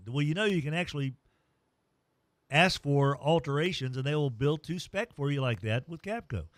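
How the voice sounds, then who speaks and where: A middle-aged man hosting a sports radio show, energetic and jokey as he rattles off sponsor plugs. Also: fairly high pitch, brisk, no room sound. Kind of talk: sports talk radio and ad reads.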